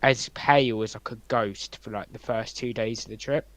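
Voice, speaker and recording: A young man co-hosting a podcast, rambling through anecdotes with many ums and likes and swinging between loud and quiet. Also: on the low side, steady tone, moderate pace, no echo, low-quality recording. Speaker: podcast co-host. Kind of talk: casual storytelling chat.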